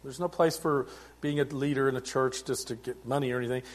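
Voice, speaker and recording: A man's voice: medium pitch, steady tone, fast talker. Man preaching a sermon, conversational. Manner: conversational preaching with frequent restarts and swings in loudness. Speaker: pastor.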